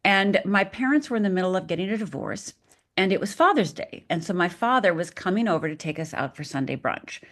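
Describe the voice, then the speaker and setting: A middle-aged woman from Upper Michigan speaks as a podcast guest. Her voice sits a little low, and she tells her story dramatically, taking on the voices of the people in it. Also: lively intonation, brisk, a bit bright. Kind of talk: personal storytelling.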